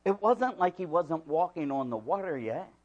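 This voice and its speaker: A man preaching a sermon as pastor. He swings from hushed asides to loud, emphatic preaching and repeats key words for emphasis. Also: a little high, expressive, normal speed, muffled recording.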